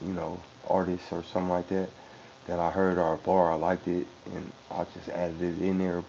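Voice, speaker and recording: Low-voiced rambling rapper, muffled recording. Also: male voice, vocal fry, a little mellow. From San Francisco Bay Area. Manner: loose, rambling and profane, with many restarts. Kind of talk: casual interview talk. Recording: muffled lo-fi recording with faint hum.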